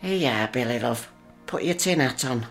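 A woman's voice: a bass voice, lively intonation, moderate pace, over music. An actress playing a prim, fussing working-class mother, scolding and motherly. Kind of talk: broadcast drama acting.

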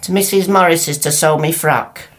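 A woman playing a sharp-tongued mum. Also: deep voice, fairly even intonation, normal speed, natural voice. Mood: scolding. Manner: indignant, scolding, fond to her son. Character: thrifty sharp-tongued working-class mother, middle-aged. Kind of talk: sitcom acting.

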